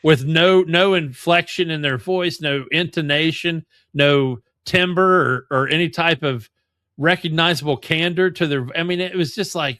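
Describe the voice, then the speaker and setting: An emphatic man co-hosts a casual games chat, sounding exasperated as he makes his points. His voice sits slightly high. The recording is dry, with no room sound. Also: unhurried, sharp tone, no echo. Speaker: game podcast co-host.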